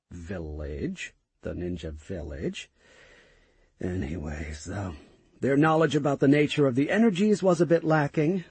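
Husky, expressive male audiobook narrator. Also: on the high side, no echo. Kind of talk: first-person audiobook narration.

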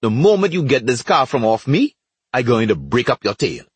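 A man's voice: mid-range voice, very animated, normal speed, breathy edge, no room sound. A man voicing an angry, cursing Trinidadian man who threatens with a strained voice. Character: angry grown man pinned under a car.

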